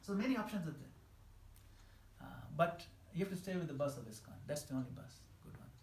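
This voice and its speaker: A man giving a scripture class in a temple hall, animated and emphatic, laughing at his own examples. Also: fairly high pitch, a little fast, a little hiss or hum. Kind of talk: scripture class lecture answering questions. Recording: echoey hall with faint ambience.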